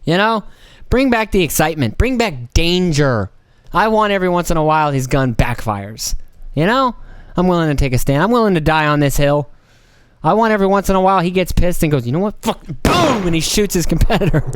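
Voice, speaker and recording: A man's voice: on the high side, animated, a little fast, smooth, no echo, clean studio sound. A man hosting a casual solo podcast, rambling and joking with plenty of profanity and playful mock voices. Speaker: podcast host.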